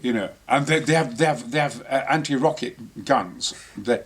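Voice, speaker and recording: A man with a medium-pitched voice, speaking at a moderate pace, tells boisterous, sweary anecdotes in casual behind-the-scenes chat, his storytelling theatrical.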